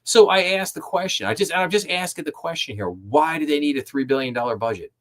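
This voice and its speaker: A man's voice: a little high, expressive, fast talker, fairly bright tone. A man hosting a live finance stream, reading news items aloud and breaking off into skeptical, sarcastic asides. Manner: sarcastic, skeptical asides between read-out passages. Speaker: host.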